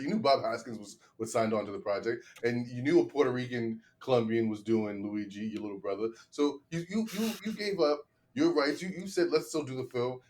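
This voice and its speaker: A comedian with a medium-pitched voice argues the defense in a mock trial on a comedy podcast. He halts often, with many repeated starts.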